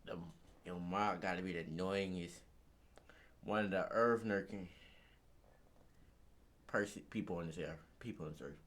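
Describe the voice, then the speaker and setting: A man's voice: deep voice, normal speed, pauses often, a bit bright. A man venting in a rant, exasperated, repeating himself and swinging from mutters to outbursts.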